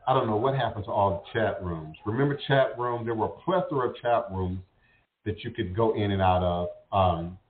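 A man talks in a low voice, rambling and circling back over his words as he hunts for the next one. The sound is thin and phone-like, with a roomy echo around it. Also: moderate pace. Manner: rambling, repeats words while searching. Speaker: host. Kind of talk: casual spiritual talk. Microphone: internet radio call. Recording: tinny phone-like audio in an echoey room.

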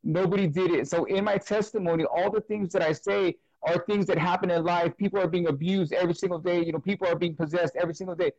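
A man's voice: sits high, fairly even intonation, quick pace, few pauses, darkish tone, no room sound, highs cut off. A man, a guest minister in an interview, earnestly telling his personal testimony and retelling others' words at length. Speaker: guest, full-time minister.

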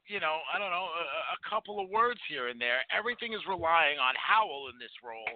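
A man's voice: on the high side, big pitch swings, fast. A man in his forties, a podcast co-host, rambling through a profane, laughing memory in casual movie chat. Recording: tinny phone-like line.

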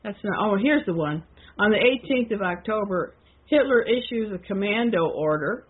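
A woman co-hosting a podcast, talking through a historical text in a casual, hesitant way with many pauses and restarts. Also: medium pitch, lively intonation, breathy edge, phone-quality sound. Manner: hesitant, with frequent fillers and restarts. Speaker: podcast co-host.

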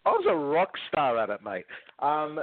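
A man's voice: on the high side, wildly swooping pitch, moderate pace. A man with an Australian accent, talking brashly and cheekily as a guest on a phone interview. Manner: brash, cheeky, laughs often. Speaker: guest recruiter. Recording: tinny phone line.

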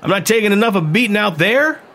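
Give me a battered male prizefighter, as read by a male narrator, grumbling and curt, stubborn to the last, a touch higher than the narration, in a sci-fi audiobook reading. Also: animated, quick pace, bright, forceful tone, heavily acted.

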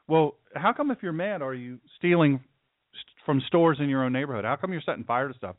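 A man's voice: a little high, lively intonation, brisk, dry recording. A man hosting a talk radio show, delivering an opinionated, sarcastic monologue. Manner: sarcastic, mocking, puts on caricature voices. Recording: dry, phone-like radio audio.

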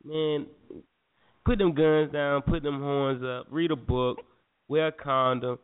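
A man's voice: on the high side, steady tone, takes it slowly, smooth. A man co-hosting a live morning talk show, joking and teasing bluntly in casual banter. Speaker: co-host. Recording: tinny phone-quality line.

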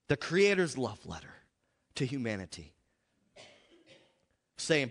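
Man, pastor, passionate sermon, mid-pitched voice, long reverb of a hall. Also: lively intonation, unhurried. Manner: impassioned, swinging between loud outbursts and hushed asides. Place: church. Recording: echoey hall.

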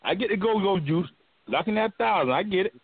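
A man's voice: high-pitched, expressive, brisk, slightly rough, dry recording. A man haggling over a race bet, boastful and profane, on a call. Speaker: street racer negotiating a bet. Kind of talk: trash-talk phone call. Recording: tinny phone line.

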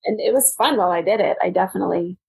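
Thirties woman guest, lively storyteller, husky tone, video-call chat. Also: mid-range voice, racing. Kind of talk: casual interview chat.

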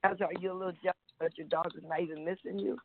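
A man's voice: sits high, steady tone, noisy background. A man hosting a call-in radio show, chatting casually and reading a poem aloud in a rambling, giggly way. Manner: giggly, rambling, reads haltingly. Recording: tinny phone line.

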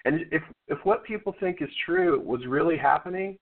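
A man's voice: a little high, moderate pace. A man calling into a radio show, arguing his point earnestly with frequent restarts. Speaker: caller. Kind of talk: call-in phone conversation. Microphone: telephone. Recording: tinny phone line.

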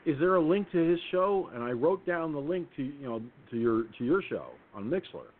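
A man hosting a call-in radio show, telling a rambling anecdote in a casual, animated way with many restarts. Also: fairly high pitch, moderate pace, a little hiss or hum. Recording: tinny phone line.

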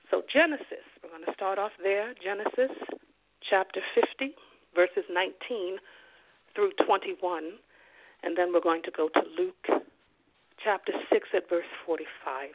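A preacher delivering a sermon, slowly repeating key phrases for emphasis and dropping in frequent "glory to God" and "amen" interjections. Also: medium pitch, no room sound. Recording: dry, tinny phone-like sound.

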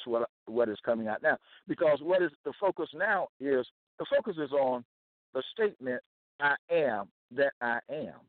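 At a medium pitch, a man delivers a slow Bible teaching to camera, repeating key phrases emphatically and checking that his audience follows along. The sound is dry, thin, and tinny.

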